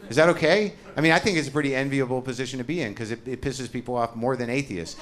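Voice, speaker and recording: A man's voice: medium pitch, fast talker, fairly bright tone. A man doing stand-up comedy, ranting in a sardonic, profane way.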